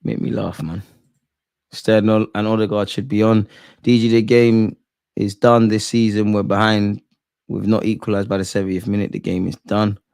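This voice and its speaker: A young man hosting a live football watch-along, animated and slangy, swinging from loud outbursts to low muttering. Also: moderate pace, creaky, smooth.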